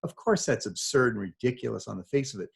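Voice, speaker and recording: Giving a lecture to students, an older man tells stories conversationally and emphatically, quoting dialogue along the way. He talks quickly at a medium pitch, with a husky voice and vocal fry.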